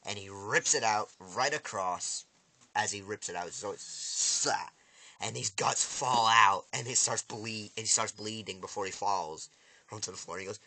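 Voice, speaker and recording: Rambling man with a bright voice. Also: moderate pace, no echo. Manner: animated storyteller, acts out lines with big loud jumps in pitch; rambling, many restarts and fillers. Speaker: vlogger recapping a TV episode. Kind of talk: excited casual recap vlog.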